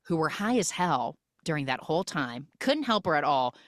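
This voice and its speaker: A woman hosting a podcast, retelling a film with jokey, animated storytelling on a close mic. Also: sits low, normal speed, no room sound. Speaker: podcast host. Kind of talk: comic film recap.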